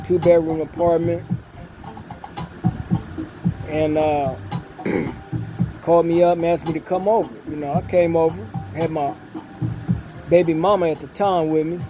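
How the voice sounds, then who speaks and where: A middle-aged man, unhurried, with many fillers and repeated words. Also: on the high side, fairly even intonation, low-quality recording. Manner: unhurried storyteller with a drawl, many fillers and repetitions. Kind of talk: casual storytelling. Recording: music playing in the background.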